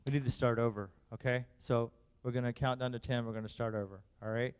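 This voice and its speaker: A man's voice: medium pitch, normal speed, long pauses, smooth. A man, a youth pastor, hosting a game night for kids in a playful, teasing, bossy way. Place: church hall. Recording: long hall reverb.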